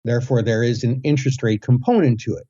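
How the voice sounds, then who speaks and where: A man co-hosting a podcast who explains ideas step by step in a measured way, with some fillers. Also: mid-range voice, dark tone, dull audio. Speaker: podcast co-host. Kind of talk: casual explanatory chat.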